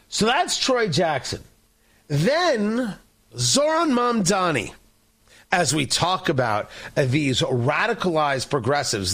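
High, lively-voiced sarcastic talk host. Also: male voice. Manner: sarcastic, combative, mocking. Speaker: political talk show host. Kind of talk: opinionated on-air monologue.

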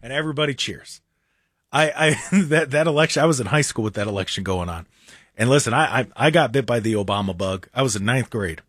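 A man's voice: mid-range voice, expressive, quick pace, fairly bright tone, breathy edge, dry recording, studio quality. A young American man hosting a talk radio show, rambling and sarcastic with mocking asides. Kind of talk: casual opinionated talk radio monologue. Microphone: studio microphone.

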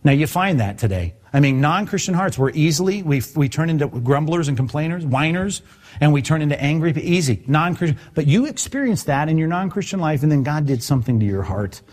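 A male pastor preaching a conversational sermon with a slightly high voice that rises and falls a lot. He keeps turning to his listeners with quick rhetorical questions. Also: animated, darkish tone.

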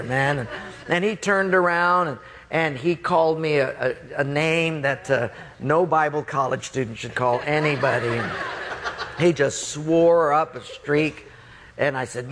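A man preaching a sermon, telling an animated personal story and acting out the quotes. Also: fairly high pitch, a little hiss or hum.

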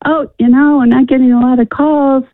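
A woman calling in to a radio show, talking haltingly with many restarts. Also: high voice, steady tone, no room sound. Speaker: caller. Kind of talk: phone-in conversation. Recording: tinny phone line.

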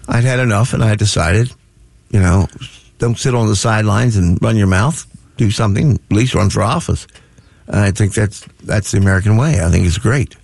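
A man's voice: mid-range voice, gravelly, dry recording. Rambling curmudgeonly male radio host. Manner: self-mocking curmudgeonly rambling with many restarts. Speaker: radio talk show host. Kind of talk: folksy talk radio banter.

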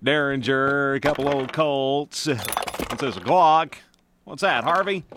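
A man's voice: medium pitch, measured pace, noisy background, close to an everyday voice. A man playing a folksy country fellow in a radio ad, talking to the listeners and scolding a sidekick. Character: folksy country man sorting old guns.

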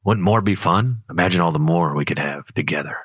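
Man putting on a devil cartoon duck, low voice, wheedling, tempting, dry close sound. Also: brisk, fairly bright tone, husky, dry recording. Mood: coaxing.

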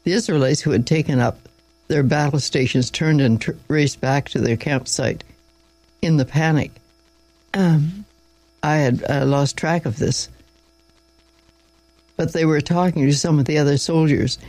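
A man's voice: fairly high pitch, measured pace, long pauses, a little mellow, no room sound, low-quality recording. A man reading a Bible story aloud in an informal way, with small slips and asides along the way.

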